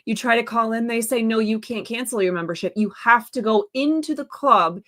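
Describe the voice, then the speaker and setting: Animated woman, a touch high-pitched. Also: fairly quick. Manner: animated, exasperated retelling with quoted dialogue. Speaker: guest, stand-by counsel. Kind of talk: casual interview storytelling. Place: live stream, remote.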